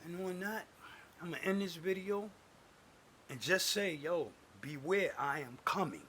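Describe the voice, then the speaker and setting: A man delivering an angry, preachy religious rant to camera, cursing and swinging between booming declarations and muttered asides. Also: expressive, unhurried, fairly bright tone, a little hiss or hum. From United States. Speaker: self-styled prophet posting online videos.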